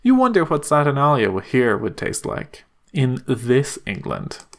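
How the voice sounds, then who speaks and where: A man reading a text game aloud in a reflective, measured voice. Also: medium pitch, huge pitch swings, fairly bright tone. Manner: reflective, measured second-person narration. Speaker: game reader.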